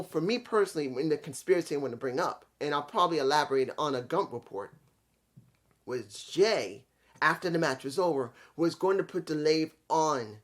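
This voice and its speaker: Animated man reviewing a wrestling event. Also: on the high side. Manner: animated, acts out quotes, restarts. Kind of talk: casual recap and opinion talk.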